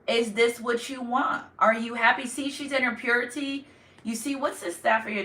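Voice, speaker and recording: Bright-voiced woman, echoey tarot reading. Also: fairly high pitch, steady tone, normal speed. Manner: rambling, repetitive, emotional. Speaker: tarot reader. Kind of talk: casual tarot reading to viewers. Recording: echoey room, distant mic.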